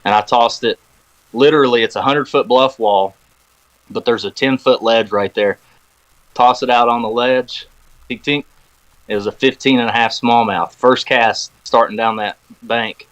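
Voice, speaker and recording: On a podcast, a guest chats casually in a recording room, spinning a long story and animatedly acting out the phone calls he quotes. His mid-range voice moves at a moderate pace, and the recording quality is low.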